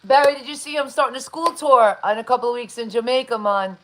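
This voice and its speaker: A woman hosting a live online interview, talking in a chatty, enthusiastic way. She keeps the conversation going and often breaks off to give shout-outs. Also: fairly high pitch, fast talker, slight background noise, low-quality recording. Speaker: interview host.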